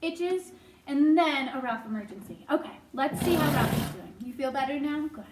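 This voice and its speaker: A woman reading a children's novel aloud, expressive, with chatty asides to her listeners. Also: high-pitched, moderate pace. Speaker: storyteller. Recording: echoey room, faint noise.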